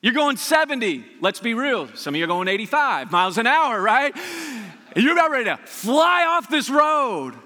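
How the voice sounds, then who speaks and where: A man preaches with a high, bright, forceful voice that rings out through a large hall with a long reverb. He keeps it casual and lively, throwing asides to the congregation as he goes. The delivery is that of a pastor mid-sermon. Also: moderate pace. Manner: energetic, conversational preaching with frequent rhetorical asides.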